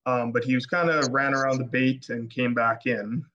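A man from Alberta, Canada, a podcast guest telling a story in casual chat, excitable and rambling with many restarts. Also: medium pitch, normal speed. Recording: dull lo-fi podcast audio.

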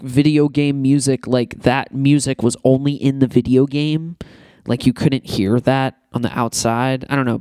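A man's voice: medium pitch, darkish tone, clear, resonant tone, dry recording, clean studio sound. A young man hosting a casual music podcast, rambling with lots of fillers and the odd swear word. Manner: rambling, profane, loose with fillers. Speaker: podcast host.

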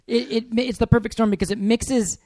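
A woman's voice: a little high, steady tone, fairly quick, dark tone, dry recording. A woman co-hosting a podcast in casual chat, teasing her co-host and swearing emphatically.

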